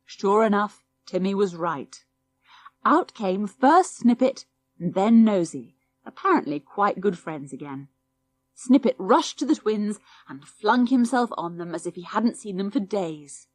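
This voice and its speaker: A woman reading a children's audiobook in a lively, expressive storytelling voice. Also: mid-range voice, unhurried, no room sound. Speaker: audiobook narrator.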